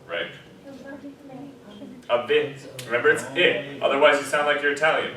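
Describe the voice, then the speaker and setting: A man teaching a diction class. He explains patiently, keeps checking in with "okay?" and "right?", and slowly chants example lines. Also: mid-range voice, crowd noise. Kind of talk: classroom lesson. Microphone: far room recorder. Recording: echoey classroom from far off, class murmur.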